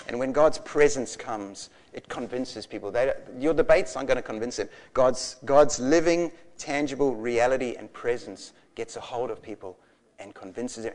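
A man in his forties preaching a sermon, passionate and animated, telling stories with bursts of laughter. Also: mid-range voice, normal speed. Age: 40s. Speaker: pastor.

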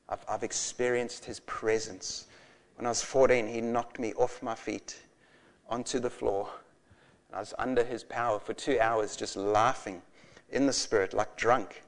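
A man in his forties preaching a sermon, passionate and animated, telling stories with bursts of laughter. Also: medium pitch. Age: 40s. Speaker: pastor.

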